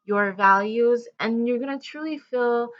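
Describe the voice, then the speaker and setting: A woman's voice: fairly high pitch, unhurried, dull audio. A woman giving a casual tarot love reading to her viewers, talking in a rambling way with fillers and restarts. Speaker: tarot reader.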